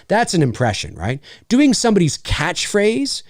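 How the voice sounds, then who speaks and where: A man's voice: fairly high pitch, moderate pace, hardly any pauses, dry recording. A middle-aged man, a voice actor, chatting casually with viewers in a livestream Q&A. He rambles and restarts often, and speaks into a studio microphone in a home recording studio. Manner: animated, rambling with frequent restarts.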